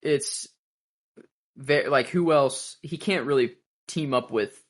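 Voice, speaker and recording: A man's voice: medium pitch, takes it slowly. A man co-hosting a podcast, musing aloud in casual talk with many fillers. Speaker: podcast co-host. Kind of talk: casual recap chat.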